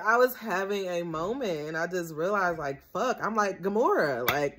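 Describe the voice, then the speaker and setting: A woman's voice: on the low side, lively intonation, moderate pace, few pauses, a crowd in the background. Young adult woman, host, casual reflective monologue, candid and rambling, repeats phrases, voice lifts when emotional. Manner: candid, rambling, swears freely, repeats herself; emotional, voice rising as she gets worked up. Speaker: podcast host and tarot reader.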